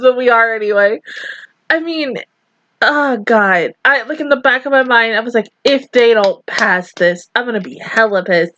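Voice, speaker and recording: A woman's voice: on the high side, normal speed, a bit bright, dry recording, muffled recording. A woman reacting to an anime episode on her channel, crying and swearing as she gushes about how happy she is. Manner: tearful, swearing, gushing. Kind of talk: emotional reaction commentary.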